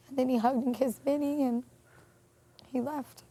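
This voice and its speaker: A woman telling a painful personal story in an interview, earnest and emotional, with many pauses and fillers. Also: high-pitched, steady tone, warm tone, husky. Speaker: interview guest.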